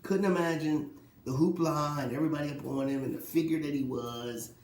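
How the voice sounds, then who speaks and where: Animated man ranting about sports, echoey room. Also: a little high, a little fast. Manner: animated, rhetorical questions, mocking quotes. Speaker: sports talk host. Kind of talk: casual solo sports commentary.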